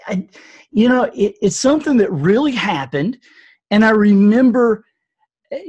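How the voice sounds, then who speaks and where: Casting: older male author, husky, unhurried storyteller in an interview. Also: high voice, darkish tone. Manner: earnest, reflective storyteller. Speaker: author and speaker.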